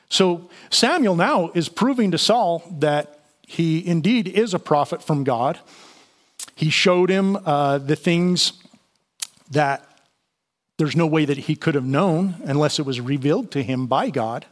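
A man with a slightly higher voice delivers a relaxed, conversational sermon. He walks through the scripture passage, stopping to explain it with plenty of "you know" and small restarts. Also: a little slow. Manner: conversational Bible teaching with fillers and restarts. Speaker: pastor.

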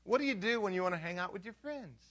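A male pastor preaching a sermon in an animated, conversational way, asking the audience questions and acting out characters. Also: high voice, fast talker. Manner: animated storytelling, acts out characters.

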